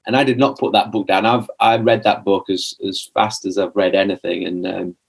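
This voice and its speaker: A man's voice: lowish voice, flat delivery, normal speed, gravelly, slightly rough. A young man, a podcast guest telling a rambling personal story in casual conversation, full of restarts and fillers. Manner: chatty, rambling, many restarts and "like" fillers, acts out his own past lines.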